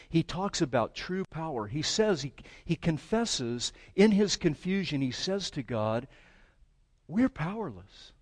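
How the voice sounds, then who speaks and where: A pastor preaching a sermon, lively and conversational, often asking the congregation questions and voicing prayers aloud. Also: male voice, medium pitch. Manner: animated, asks the congregation questions and acts out prayers.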